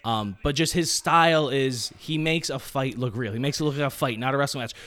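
A man co-hosting a casual podcast, chatting and breaking into excited play-by-play as he watches a match. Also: medium pitch, fairly quick. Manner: excited, jumps into play-by-play commentary. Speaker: podcast co-host. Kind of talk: casual live-reaction chat.

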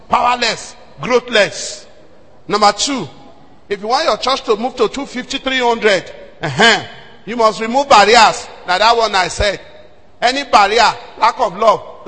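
A Nigerian pastor preaches in a very high, bright and forceful voice with a husky edge. He drops to near whispers and then bursts into shouts as he tells his story. His voice rings out with the long echo of a hall. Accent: Nigerian, Yoruba-speaking. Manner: animated storytelling, swings between hushed and shouting. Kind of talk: sermon.

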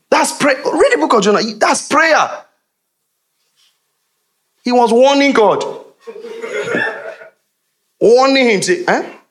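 A middle-aged man with a Nigerian accent preaching a sermon in an animated, teasing way with frequent laughs. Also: very high voice, takes it slowly, long pauses. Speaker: pastor.

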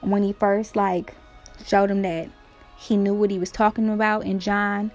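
A woman's voice: medium pitch, flat delivery, a little slow, faint music behind. A woman casually retelling Bible stories in slang, acting out the quotes with playful energy.

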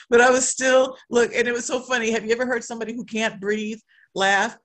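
A woman shares a personal testimony in sermon style. She tells the story in an animated way and leans on repeated refrains to drive her points home. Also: on the high side, fairly quick.

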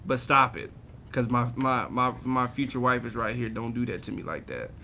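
A man's voice: mid-range voice, normal speed, pushed and bright, a little hiss or hum. A man in casual chat with friends, telling a story with lots of laughter.

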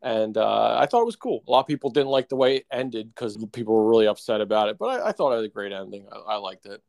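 A man's voice: lowish voice, sing-song, fast, vocal fry, darkish tone, no echo. A man co-hosting a casual podcast, talking in a rambling way with lots of fillers and restarts. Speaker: podcast co-host. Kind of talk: casual chat.

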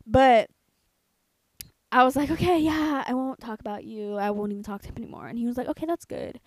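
Woman podcaster, twenties, cursing storyteller, higher voice, dry close sound. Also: fast, dry recording. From United States. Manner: profane, animated, quotes herself and others. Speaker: podcast co-host. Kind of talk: casual storytelling.

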